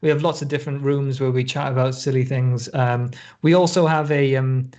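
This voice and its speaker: A man's voice: mid-range voice, steady tone, brisk, a little mellow. A man co-hosting a casual basketball podcast, rambling and restarting, often breaking into laughs. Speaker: podcast co-host. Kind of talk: casual chat.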